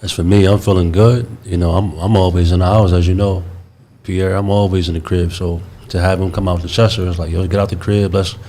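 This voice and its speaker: A man talking as a radio guest in a casual interview, laid-back and relaxed. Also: deep voice, fairly quick, slight background noise.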